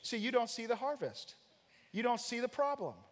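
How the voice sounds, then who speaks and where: A high-pitched American man preaches with emphatic, dramatic delivery, acting out the lines of the figures in his stories. His voice rings with long reverb through a church sanctuary. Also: very animated, moderate pace. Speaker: pastor. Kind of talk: sermon.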